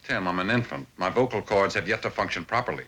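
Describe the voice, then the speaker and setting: A man's voice: fairly low pitch, fast talker, fairly bright tone, low-quality recording. A man voicing a Martian turned into an infant who keeps his haughty adult mind and speaks in a lofty, formal, condescending way. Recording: faint hiss of old TV soundtrack.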